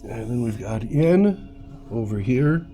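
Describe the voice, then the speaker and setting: A man's voice: medium pitch, animated, takes it slowly, mellow, faint music behind. A man teaching congregational song leading, patiently coaching and counting beats aloud. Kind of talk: instructional lesson. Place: church.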